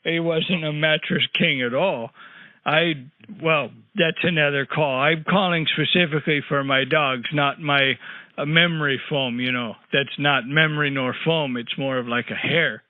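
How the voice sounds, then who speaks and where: A man's voice: on the high side, steady tone, normal speed, no room sound, close to an everyday voice. A man doing a cranky rambling old caller on the phone. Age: older. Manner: rambling, crude, grumbling asides. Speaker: prank caller. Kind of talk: prank phone call. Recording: tinny phone line, dry.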